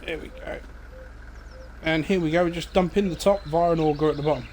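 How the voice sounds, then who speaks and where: A man talks through his farm game in a relaxed, meandering way, leaning on ums and uhs as he goes. His voice sits a touch higher than most men's. Faint birdsong and outdoor ambience drift underneath. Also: quick pace, slight background noise. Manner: relaxed, rambling, many fillers. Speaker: gaming streamer. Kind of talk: casual let's-play commentary.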